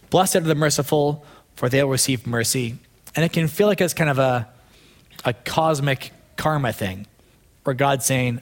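A man preaching a sermon in a conversational, earnest way, dropping into soft low asides and rising for emphatic points. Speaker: pastor.

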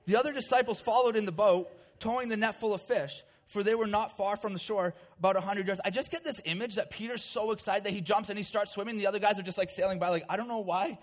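A male preacher with a fairly high voice delivers a sermon. He retells a scripture passage as a vivid story and mixes in chatty asides to his listeners. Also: fairly even intonation, fast, few pauses. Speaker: pastor.

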